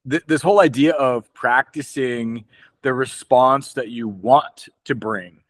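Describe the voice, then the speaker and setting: A man's voice: medium pitch, measured pace, dry recording. A man interviewing a guest, encouraging and affirming her answers.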